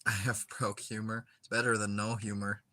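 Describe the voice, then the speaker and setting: A man's voice: on the low side, little pitch movement, normal speed, pushed and bright, slight background noise. A young man chatting casually while he plays a game, rambling with lots of filler words and frequent giggles. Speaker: gaming streamer.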